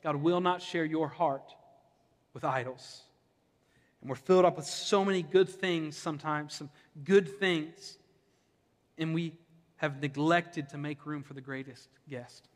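A young adult male pastor from Ohio preaching in a conversational, impassioned way, slipping into humorous stories about his own life. His voice sits a little high for a man. The sound rings with the long reverb of a church sanctuary. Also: steady tone, measured pace. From Ohio, USA. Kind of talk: sermon.

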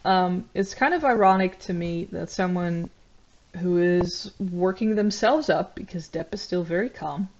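Woman, commentator, measured and reflective, filler words, slightly muffled audio. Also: fairly low pitch, a little mellow, slight background noise. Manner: measured, reflective, many ums and uhs. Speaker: YouTube commentator. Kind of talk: analytical commentary.

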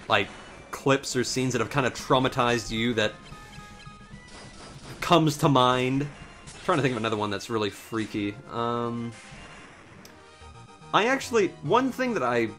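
Young guy doing lets play commentary, rambly, curses a lot, bouncy up and down voice. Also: mid-range voice. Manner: rambling, swears casually, animated reactions. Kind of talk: casual gameplay commentary with storytelling.

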